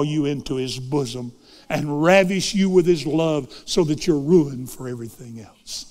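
A man preaching a sermon, swinging dramatically between loud fervent lines and hushed ones. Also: a little high, a little slow, in a large hall.

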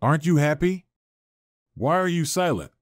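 A man's voice: on the high side, animated, normal speed, no echo, voice pushed up, natural voice. Man reading a shy, pleading six-year-old boy; storybook, dry close read.

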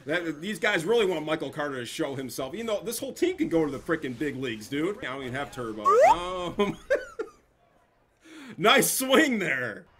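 A young man giving casual, excitable gameplay commentary, cursing and trash-talking the opponents. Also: fairly high pitch, normal speed. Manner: excitable, profane trash talk. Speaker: gameplay streamer.

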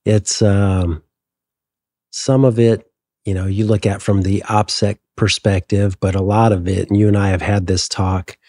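Middle-aged man speaking as an interview guest, pausing often as he thinks through what to say. His voice is low and a little husky, recorded dry and close. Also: level tone, darkish tone, dry recording. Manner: measured and hesitant. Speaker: guest, former military pilot. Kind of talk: reflective interview talk.

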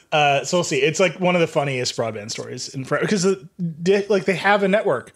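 A man's voice: a little high, animated. A man hosting a podcast, chatting casually and jokingly about a tech story, with lots of "like" fillers. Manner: quick, jokey, filler-heavy. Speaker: podcast host.

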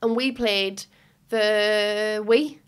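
Young northern irish woman hosting a podcast, jokey and animated, casual chat. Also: mid-range voice, very slow, clean tone. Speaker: podcast host.

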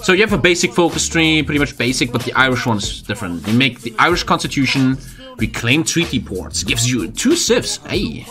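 A man's voice: mid-range voice, sing-song, fairly quick, sharp tone, soft background music. A man streaming a strategy game, joking crudely and swearing often. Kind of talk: live game stream commentary.

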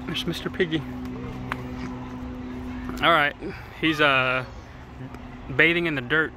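Slowly and in a steady, mid-range voice, a parent narrates a casual family vlog on an outing at an outdoor zoo. Between playful encouragement for a child and remarks to viewers, crowd noise from visitors runs through the outdoor recording.

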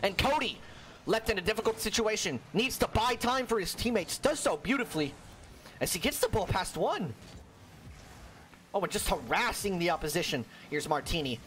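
A young man giving solo play-by-play commentary on a video game match, excitable and jokey, with a worn-out voice. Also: high voice, moderate pace, a little hiss or hum. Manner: excitable, jokey, frequent exclamations. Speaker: esports caster.

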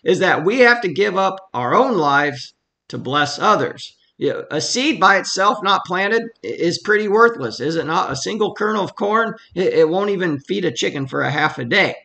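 Bright gravelly man teaching the Bible. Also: high-pitched, expressive, moderate pace. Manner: conversational, explains then reads verses with emphasis. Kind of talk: casual verse-by-verse Bible teaching.

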